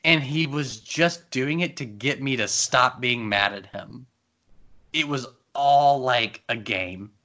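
Bright-voiced man telling a lively story. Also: mid-range voice. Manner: animated storytelling, quick asides. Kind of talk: casual chat. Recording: dull lo-fi sound.

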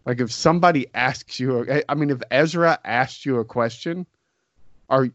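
A man chatting casually in a slow, halting, hesitant way. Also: mid-range voice, fairly bright tone, no echo. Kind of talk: casual chat. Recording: dry, dull lo-fi sound.

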